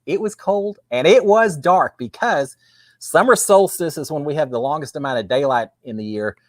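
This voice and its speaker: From Texas, a chatty, folksy livestream host welcomes viewers and reads out their comments in a casual chat. His fairly high voice is expressive and moves at normal speed, with studio-quality, echo-free sound from a webcam setup with a green screen.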